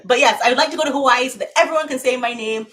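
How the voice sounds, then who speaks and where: A woman's voice: high-pitched, very fast, fairly bright tone. Barbadian accent, young woman, gushing and chatty, live stream host. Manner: effusive, chatty, laughs often. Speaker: YouTuber hosting a live stream. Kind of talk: casual live-stream chat. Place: at home, camera set far off.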